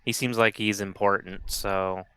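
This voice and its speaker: A man's voice: on the low side, flat delivery, measured pace, pushed and bright, clean tone. A man playing a tabletop game, speaking in a hesitant, plain way. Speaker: player.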